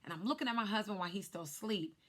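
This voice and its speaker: A woman's voice: mid-range voice, very fast. A woman who works as a life insurance agent, casually telling viewers her personal story in a chatty vlog. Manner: chatty, speaks straight to viewers.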